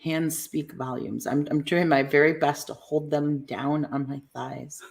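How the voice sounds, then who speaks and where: A middle-aged woman co-hosting a casual live stream, animated and laughing often as she reads viewer comments aloud. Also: sits low, measured pace, creaky.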